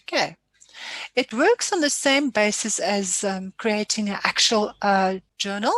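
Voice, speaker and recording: Woman walking folks thru accounting software, chatty, apologizes a lot, dry close sound. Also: medium pitch, animated, measured pace, dry recording. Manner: chatty, apologetic, self-deprecating asides. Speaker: software trainer. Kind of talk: casual screen-share tutorial.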